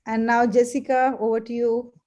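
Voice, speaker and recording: Woman host, higher pitch, mellow tone, gentle and effusive. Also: level tone, moderate pace, highs cut off. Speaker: session host. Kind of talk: moderating a video call.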